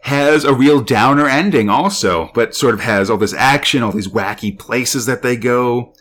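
Here a podcast co-host talks casually at normal speed, his medium-pitched voice fairly bright. He's enthusiastic and tends to ramble, dropping in lots of filler words.

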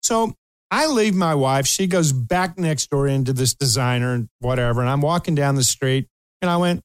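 A man's voice: medium pitch, moderate pace, clear, resonant tone, no room sound. An older man from Kentucky who hosts a talk show, telling a funny story with lots of laughter and acted-out voices. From Kentucky, USA. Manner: animated storyteller, laughs often, acts out quoted voices. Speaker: host.

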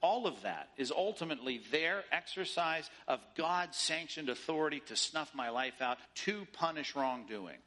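A man preaching a sermon with a bright, forceful voice pitched a little high. He tells a playful story full of quoted back-and-forth. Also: normal speed, few pauses. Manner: animated storytelling with mock dialogue. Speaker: pastor.

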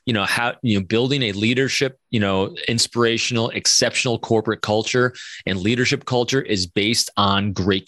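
A man in his fifties, a podcast guest, telling animated stories and acting out quoted dialogue. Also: fairly low pitch, no room sound, studio quality. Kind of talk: conversational storytelling interview.

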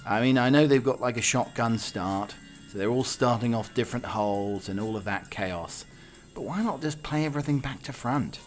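A man's voice: medium pitch, normal speed, soft background music. A man hosting a podcast, riffing jokingly with lots of fillers and restarts. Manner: rambling, jokey, filler-heavy. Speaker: podcast host. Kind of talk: casual solo commentary.

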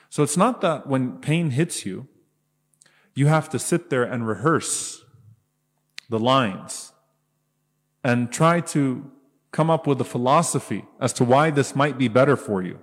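A man gives a sermon from a stage, lively and expressive, acting out examples as his voice climbs to stress key points. His voice carries a long reverb off a large hall, and his pitch sits in a middle range for a man. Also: unhurried, long pauses, slightly rough. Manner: animated, acts out examples, voice rising for emphasis. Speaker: preacher.

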